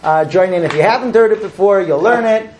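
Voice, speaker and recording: A man's voice: high voice, a little fast, a little mellow, slight background noise. A man leading a group through a mock Seder, explaining terms and chanting the blessings. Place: room with a group.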